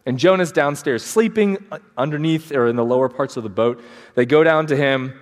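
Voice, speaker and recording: A man's voice: mid-range voice, fairly quick. A man preaching a sermon as pastor, storytelling with energy and acting out the quotes in changing voices. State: sleep deprived. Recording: long hall reverb.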